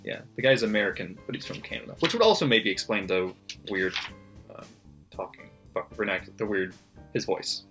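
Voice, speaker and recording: A man's voice: fairly low pitch, expressive, a little fast, a bit bright. A man casually reading out his margin notes from a book, laughing often and swearing freely. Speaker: book vlogger. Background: faint background music.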